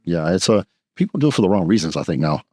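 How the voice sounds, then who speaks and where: A man's voice: deep voice, sing-song, mellow, husky. A man, a podcast guest telling blunt, profane stories in casual chat. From Texas. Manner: blunt, profane, fast anecdotes. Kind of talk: casual storytelling.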